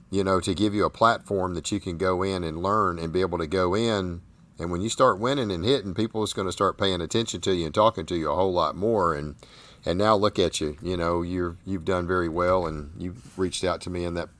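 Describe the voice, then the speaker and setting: A man's voice: low-pitched, a bit bright. A Southern American man hosting a casual interview, talking in a folksy, rambling way and often repeating his words. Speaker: host.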